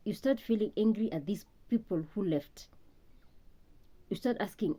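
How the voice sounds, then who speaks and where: Earnest woman with a dark, mellow voice. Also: medium pitch, lively intonation, unhurried. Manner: earnest, repeats words often while searching for them. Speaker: speaker on healing from loss. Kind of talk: reflective motivational talk.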